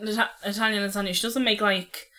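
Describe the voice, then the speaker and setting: A woman's voice: medium pitch, fairly even intonation, fast, bright, forceful tone. A woman co-hosting a podcast, chatting casually with laughter and swearing. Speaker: podcast co-host. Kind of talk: casual chat.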